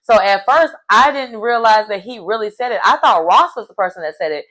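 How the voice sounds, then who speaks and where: A woman recapping a reality show episode in casual chat, animated and acting out what people said. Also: medium pitch, fairly quick, rough recording. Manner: animated storyteller acting out quotes.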